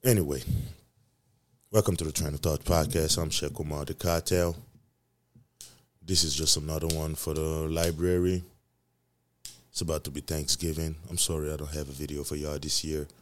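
A deep-voiced man talks alone into the mic at home, hosting his own podcast. He rambles and rants loosely and swears all the time. His voice sits very low. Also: flat delivery, moderate pace, pauses often. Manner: profane, ranting, rambling. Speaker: podcast host. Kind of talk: casual solo podcast rant.

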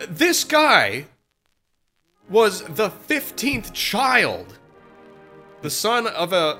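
A man co-hosting a casual podcast, a little sick and hoarse, rambling and laughing as he talks. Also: fairly high pitch, pushed and bright. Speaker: podcast co-host.

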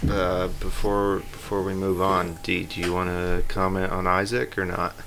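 A man co-hosting a podcast, chiming in briefly and low-key during casual chat. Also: level tone, moderate pace, creaky, fairly bright tone. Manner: terse, low-key interjections. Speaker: podcast co-host.

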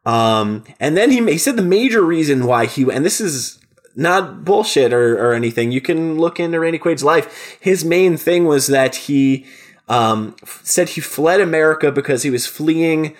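A man's voice: fairly high pitch, animated, normal speed. A man hosting a casual podcast chat, rambling with frequent restarts and swearing. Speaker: podcast host.

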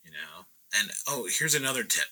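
A man's voice: fairly low pitch, big pitch swings, normal speed, pushed and bright, rough recording. A man in a casual chat, telling stories in a laid-back way, laughing and acting out what people said. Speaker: painter guest.

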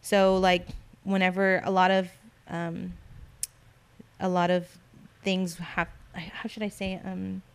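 A woman telling stories in a relaxed, casual chat. Her voice sits a little low, and she talks in a slangy, lively way. She often slips into the voices of the people she quotes. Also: slow pace, smooth.

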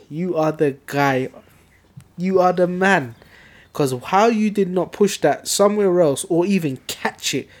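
A man, co-hosting a podcast and telling a football story in an animated, excitable way. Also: a little high. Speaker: podcast co-host. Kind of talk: casual football chat.

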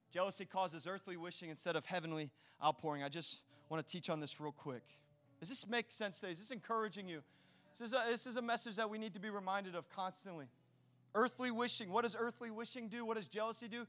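A male pastor preaching a lively sermon with a very high, bright, forceful voice. He talks straight to the congregation with easy slang. His delivery is energetic and direct throughout. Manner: casual slang mixed into preaching.

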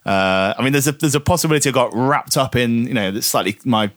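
A man's voice: medium pitch, fast, fairly bright tone, no echo, studio quality. Rambling Guernsey man reviewing a film. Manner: rambling, hesitant, many restarts. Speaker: podcast co-host. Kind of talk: casual chat, film review.

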